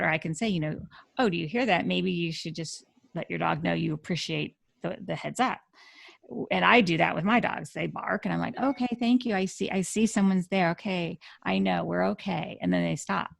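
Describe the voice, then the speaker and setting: A woman with a low, deeply gravelly voice explains things earnestly in a radio interview, stopping and restarting her sentences. The sound is dry and close. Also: no echo. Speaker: dog communicator guest.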